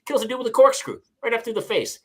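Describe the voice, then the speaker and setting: A man's voice: extremely high pitch, fast talker. A man hosting a podcast, chatting casually and acting out people's lines as he tells stories. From California. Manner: animated storyteller, acts out other people's lines. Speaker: podcast host. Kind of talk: casual chat.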